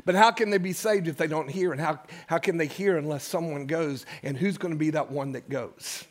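A man with a notably high voice preaches to his church congregation. He talks with passion and stacks up repeated phrases to build each point, speaking into a stage microphone in the sanctuary. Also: brisk. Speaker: pastor. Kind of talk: sermon.

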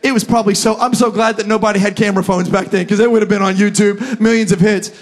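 A young man preaching a sermon as pastor at a church service, animated and building to shouts. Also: high-pitched, fast.

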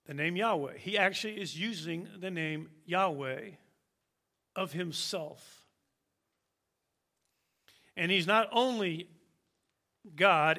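A man preaching a sermon, slow and emphatic, with dramatic pauses. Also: sits high, pushed and bright.

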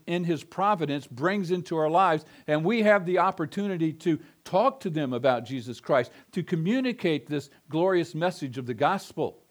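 A middle-aged male pastor preaching an expository sermon, emphatic and given to repeating phrases with building intensity. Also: fairly high pitch.

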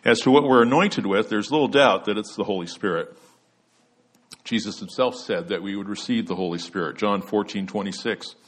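A man's voice: lowish voice, moderate pace, fairly bright tone. A man preaching an expository sermon, earnest and emphatic, letting his voice drop at the end of each point.

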